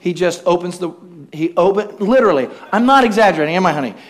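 A man preaching with an unusually high, bright-sounding voice. He tells lively, humorous stories, slips into quick impressions of the people he describes, and keeps turning to the congregation for an amen. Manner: animated storytelling, acts out quoted voices with humor; asks the congregation for responses. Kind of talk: sermon.

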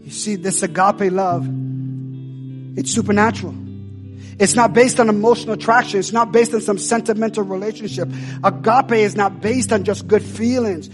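High-voiced man preaching loudly. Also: normal speed, music in the background. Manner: preaching loudly, urging the congregation with repeated calls. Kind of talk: impassioned sermon.

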